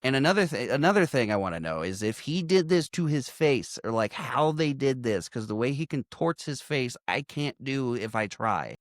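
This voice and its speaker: A man co-hosting a casual podcast, recapping a horror film with animated, profane delivery and frequent laughter. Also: mid-range voice, normal speed, few pauses, no echo, studio quality. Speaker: podcast co-host. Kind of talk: casual movie recap chat.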